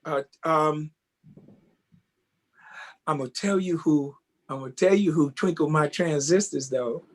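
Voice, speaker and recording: A man, a tap dancer and guest, telling casual stories in an animated way and often asking "you know what I mean?". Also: fairly high pitch, unhurried. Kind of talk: casual interview storytelling.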